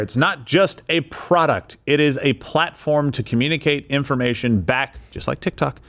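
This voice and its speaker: A man co-hosting a casual political commentary show, talking in an animated way with quick asides. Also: mid-range voice. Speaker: co-host.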